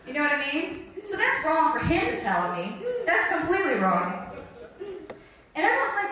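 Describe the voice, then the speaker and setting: A woman telling a comic story on stage, chatty and self-mocking, breaking into squeaky voices to quote people. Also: big pitch swings, normal speed, sharp tone. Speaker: comedian. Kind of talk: stand-up storytelling. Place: stage before a live audience. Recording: distant mic in an echoey hall with faint noise.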